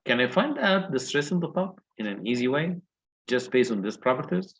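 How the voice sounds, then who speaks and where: A man's voice: medium pitch, big pitch swings, moderate pace, a bit bright, husky, rough recording. A male engineering lecturer walking through calculations step by step and asking the class questions. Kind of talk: recorded lecture walkthrough.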